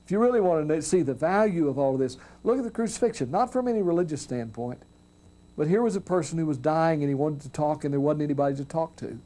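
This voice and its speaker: A man, a minister, giving a storytelling talk on death and grief, earnest and reflective, often dropping soft and quiet. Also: on the high side, lively intonation, fast talker. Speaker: minister speaking on hospice and grief.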